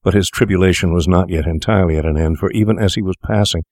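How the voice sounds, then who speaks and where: Man reading an old story out loud, measured and formal, very low voice, dry sound. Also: no echo. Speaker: narrator. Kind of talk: audiobook narration.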